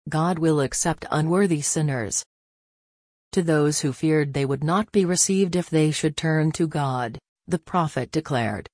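A woman giving a scripted devotional reading in a measured, solemn way. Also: deep voice, darkish tone, no echo, clean studio sound. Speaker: reader of a devotional text.

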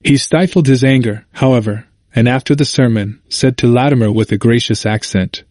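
A man narrating a history book in a measured, even reading. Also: mid-range voice, no echo, clean studio sound. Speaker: audiobook narrator.

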